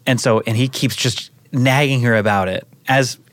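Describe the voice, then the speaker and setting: A man's voice: mid-range voice, normal speed, fairly bright tone, no room sound. Man, podcast co-host, middle voice, dry studio sound, wisecracking storyteller. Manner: joking storyteller who acts out family members. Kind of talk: casual chat.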